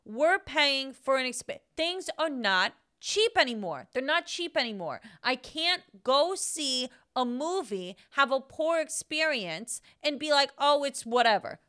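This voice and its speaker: A woman's voice: high voice, very animated, unhurried, few pauses, sharp tone. A young woman co-hosting a podcast, ranting bluntly and emphatically, with frequent swearing. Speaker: podcast co-host. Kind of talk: casual chat.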